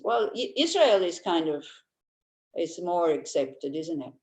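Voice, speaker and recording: A woman's voice: fairly low pitch, very animated, unhurried. An older woman giving an informal Buddhist teaching. She is chatty and humorous, telling anecdotes and laughing easily. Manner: chatty and anecdotal, with frequent restarts. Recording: roomy echo.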